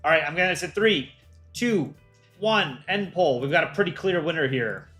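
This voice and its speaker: This animator hosts his livestream in a loose, casual way, restarting often and laughing a lot with viewers over soft background music. His voice is fairly high, sharp and lively, at a normal speed.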